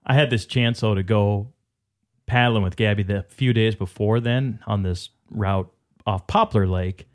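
A man hosting a podcast, telling a story and interviewing people outdoors at a wilderness lake in a relaxed, brisk way. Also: fairly low pitch, no room sound, clean studio sound. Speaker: podcast host.

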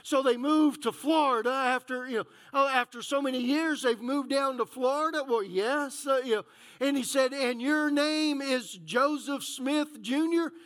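A man pastor preaching a sermon, telling a story and acting out the dialogue with animated delivery. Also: very high voice, normal speed.

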